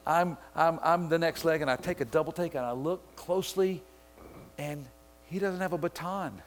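Preaching at a moderate pace, this middle-aged pastor from Mississippi has a fairly high voice. He tells a story to hammer home his message, his delivery climbing into excited shouts.

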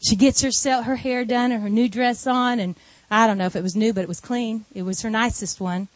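A woman preacher delivering a sermon through an animated, conversational retelling of a story. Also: on the high side, no room sound.

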